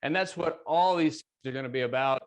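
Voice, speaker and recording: A man with an Arkansas accent teaching a relaxed cooking lesson as a chef, folksy and joking with friendly asides. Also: on the high side, brisk. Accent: Arkansas Southern.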